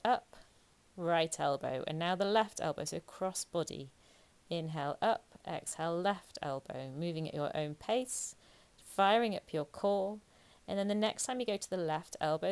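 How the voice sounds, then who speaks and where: A woman leads a yoga class in a lowish voice, calm and encouraging. She paces each cue to the breath. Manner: calm, encouraging cueing with occasional light laughs. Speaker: yoga instructor. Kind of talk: guided yoga class cues.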